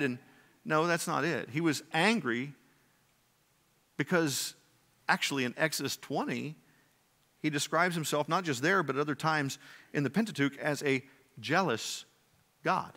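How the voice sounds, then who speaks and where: Bright-voiced male preacher in a reverberant hall. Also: measured pace, pauses often. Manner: dramatic preaching, swings between loud emphasis and hushed low delivery; uses rhetorical questions. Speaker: pastor. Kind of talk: sermon. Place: church sanctuary.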